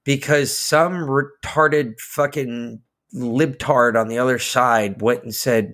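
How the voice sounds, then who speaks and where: A man co-hosting a podcast, ranting heatedly with lots of swearing and swinging between loud outbursts and slow emphasis. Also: mid-range voice, steady tone. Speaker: podcast co-host. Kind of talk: casual political chat.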